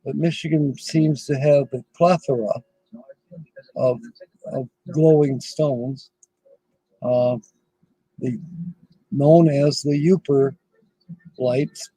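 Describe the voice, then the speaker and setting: A middle-aged man hosts a casual livestream, talking at an unhurried, rambling pace and chuckling between thoughts. His voice is husky and mellow, sitting a little high for a man. The sound is close and dry. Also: no echo, low-quality recording. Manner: slow, rambling, chuckles often. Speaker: livestream host.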